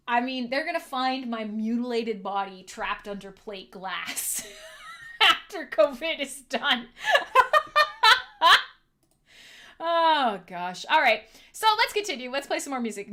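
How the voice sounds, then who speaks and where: A woman's voice: on the high side, a bit bright. A woman hosting a casual livestream from home, joking with her chat in a profane, sarcastic, self-mocking way. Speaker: livestream host.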